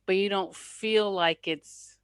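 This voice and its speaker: A woman's voice: medium pitch, slow, clean tone, no room sound. A middle-aged woman from New Jersey hosting a casual chat, telling stories and laughing often. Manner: laughs often, animated storytelling. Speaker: podcast host.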